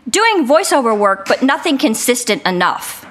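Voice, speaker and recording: A middle-aged woman voice actor chats as a podcast guest, her high, bright voice swooping widely as she tells stories. She laughs often and speaks from her living room at home. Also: normal speed, slight background noise. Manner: animated, laughing storyteller. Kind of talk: casual podcast interview.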